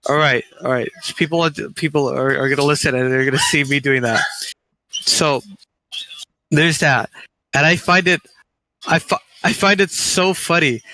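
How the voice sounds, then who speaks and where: A young man in casual chat, halting and repeating words as he searches for his phrasing. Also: on the high side, sharp tone, slight background noise, poor audio.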